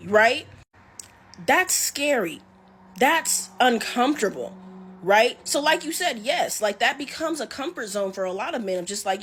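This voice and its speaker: Woman commentator, casual and emphatic, slightly high voice with husky grain. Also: moderate pace. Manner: animated, emphatic, keeps asking "right?". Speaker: anime commentator. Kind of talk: casual opinion talk.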